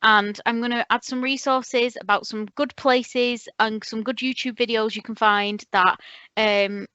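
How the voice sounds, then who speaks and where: Woman, podcast co-host, playful teasing chat, a bit high, bright tone, dry close sound, muffled lo-fi audio. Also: fairly even intonation, a little slow, smooth, no room sound. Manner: playful, self-mocking, teasing. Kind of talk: casual chat.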